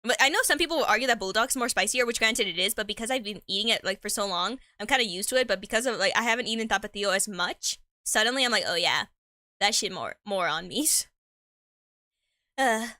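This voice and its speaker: While eating on stream, a young woman of Mexican heritage rambles casually, trips over words, uses slang, laughs often, and sometimes speaks with her mouth full. Her voice is bright and a little high, and she talks at a quick pace. The recording is dry and close, with no room sound.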